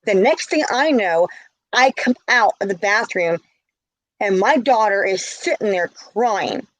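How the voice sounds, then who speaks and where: A woman's voice: medium pitch, expressive, measured pace, dry recording, poor audio. A middle-aged woman telling a story in a casual vlog, heated and indignant. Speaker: vlogger.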